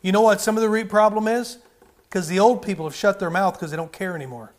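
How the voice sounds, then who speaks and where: A man's voice: high-pitched, fast. A man preaching a sermon with fervor, often rising and then dropping his volume. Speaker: pastor.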